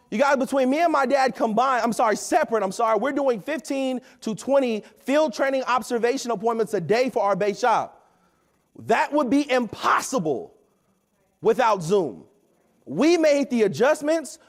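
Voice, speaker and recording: This thirty-something man's voice is very high as he gives a lively, preachy motivational speech at a company event. He keeps asking "right?" throughout.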